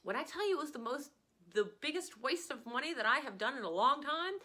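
Animated, bright-voiced woman teacher. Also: high-pitched, brisk. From Louisiana. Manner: chatty, digressive, animated. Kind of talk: casual classroom lecture.

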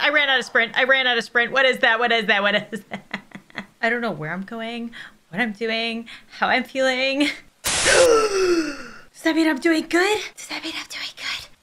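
A woman's voice: a little high, heavy background noise. A woman YouTuber giving jumpy, nervous commentary while playing a horror game, often shrieking and laughing and repeating panicked exclamations. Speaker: gaming YouTuber.

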